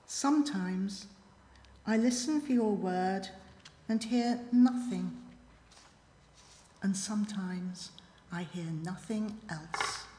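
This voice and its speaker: A woman reads a reflective poem slowly in a mellow, soft voice. She is measured and quiet and leaves long pauses. Her voice rings through a church with a long, echoey reverb. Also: medium pitch, slight background noise. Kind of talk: slow reflective poetry reading.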